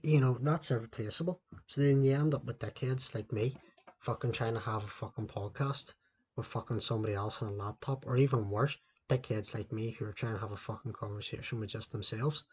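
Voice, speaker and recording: Husky, foul-mouthed man ranting solo. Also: medium pitch, fairly even intonation, brisk, darkish tone. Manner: rambling, heavy swearing. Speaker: podcast host. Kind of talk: solo podcast rant. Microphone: laptop microphone.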